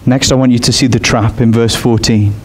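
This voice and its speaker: A man preaching a sermon in an expressive way. He climbs high in pitch on his emphatic points. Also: brisk, a little hiss or hum.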